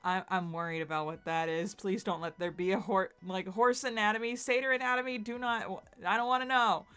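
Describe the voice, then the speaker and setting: A woman's voice: mid-range voice, fairly even intonation, a little fast, fairly bright tone, clear, resonant tone, close to an everyday voice. A woman voicing an anxious, melodramatic young man in a dramatic webcomic read-aloud. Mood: fretful. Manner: fretful and melodramatic.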